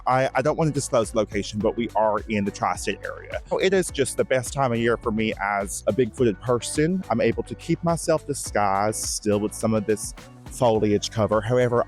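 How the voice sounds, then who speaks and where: A man playing a vain, shy, emotional Bigfoot who gives a rambling, earnest tour of his forest home, with halting restarts, in a mock-documentary comedy. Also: lowish voice, a little mellow, close to an everyday voice. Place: outdoors in woods.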